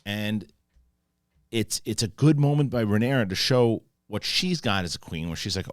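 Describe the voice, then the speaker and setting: A man giving a casual, profane spoiler review of a TV episode, acting out scenes in quick paraphrased quotes. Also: fairly low pitch, expressive, dry recording, studio quality. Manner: rambling with restarts when moved. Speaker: film and TV reviewer.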